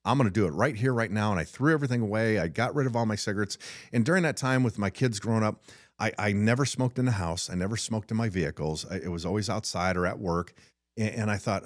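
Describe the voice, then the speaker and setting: Middle-aged guy talking straight about work, lowish voice, stumbles n repeats words, dry sound. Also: dry recording. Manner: frank, repeats and restarts words. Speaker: business owner and show host. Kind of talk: casual monologue.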